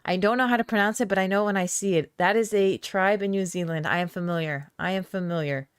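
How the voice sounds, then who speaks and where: A woman hosting a podcast live stream, chatting casually with her viewers and reading their comments aloud. She talks in a loose, playful way, with fillers and quick laughs. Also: mid-range voice, clean tone, dry recording, studio quality. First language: Aramaic. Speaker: podcast host.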